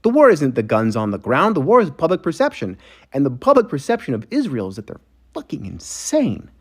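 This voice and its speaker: Casting: male commentator, sarcastic and profane, mid-pitch, opinionated monologue. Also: wildly swooping pitch, a little fast. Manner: sarcastic, profane, mocking impressions.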